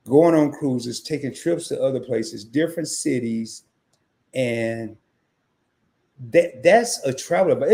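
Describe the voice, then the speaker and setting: Man, livestream host, casual chat, raspy fry, higher pitched, animated. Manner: animated, acts out quoted dialogue; greets chat viewers by name.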